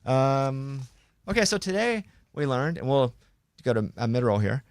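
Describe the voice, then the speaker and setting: A man's voice: mid-range voice, big pitch swings, unhurried, no room sound. Young male podcast host, playful banter, dry close sound. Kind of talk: casual chat.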